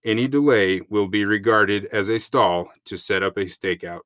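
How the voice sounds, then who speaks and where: A man's voice: on the low side, a bit bright, no room sound, clean studio sound, natural voice. A man reading as a cold, menacing kidnapper. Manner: slow, cold, deliberate reading. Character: menacing male kidnapper reading his demands. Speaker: guest voice reading a ransom letter. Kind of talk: dramatic letter reading.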